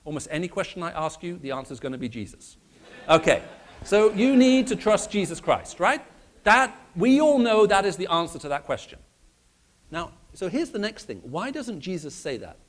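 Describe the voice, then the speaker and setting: A man with a British accent, raised in the Middle East, giving a lively conversational apologetics talk in a church and questioning his audience. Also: high-pitched, normal speed. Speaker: speaker.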